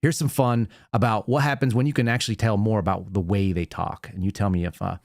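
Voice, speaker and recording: A man's voice: on the low side, fairly even intonation, quick pace, gravelly, no echo, clean studio sound. A man hosting his own show, talking in a rambling, conversational monologue with frequent fillers. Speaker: podcast host.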